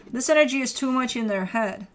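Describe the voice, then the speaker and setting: A woman's voice: fairly high pitch, a little fast. A woman reading tarot cards to camera in a casual, rambling way, full of fillers. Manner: rambling, filler-heavy, chatty. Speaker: tarot reader.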